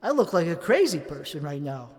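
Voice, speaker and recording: A man's voice: fairly high pitch, big pitch swings, fairly quick. A man from Chicago, rambling and swearing through a mock-angry monologue between karaoke songs, contradicting himself as he goes. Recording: long reverb with faint music behind.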